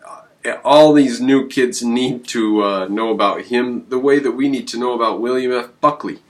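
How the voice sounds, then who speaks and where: A man hosting his own channel, talking in a rambling, emphatic way with sudden jumps in pitch. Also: normal speed. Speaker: channel host. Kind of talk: casual on-camera commentary.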